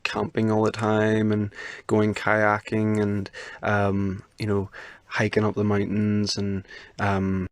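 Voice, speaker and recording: A man's voice: on the low side, dry recording. Young man, loose and chatty, voice-note delivery with a dry, close sound. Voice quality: soft, chatty with many fillers. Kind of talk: casual voice notes.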